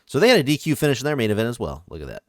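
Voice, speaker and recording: A man's voice: medium pitch, wildly swooping pitch, racing, no room sound, studio quality. A man in casual podcast chat, reading ratings and reacting with wry asides. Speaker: podcast co-host.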